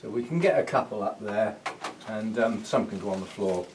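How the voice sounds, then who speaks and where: At a moderate pace and fairly low pitch, a man who grows orchids and hosts his own channel talks casually through a practical task. He's recorded on a distant mic with faint background noise, musing aloud and chuckling at himself.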